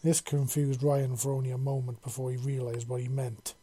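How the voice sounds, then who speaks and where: A man reading a science-fiction fan story aloud, in steady descriptive narration. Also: mid-range voice, brisk, slightly rough.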